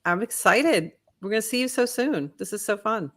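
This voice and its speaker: A woman's voice: medium pitch, animated, normal speed, a bit bright. A woman co-hosting a podcast, upbeat and affirming in casual chat. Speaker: podcast co-host.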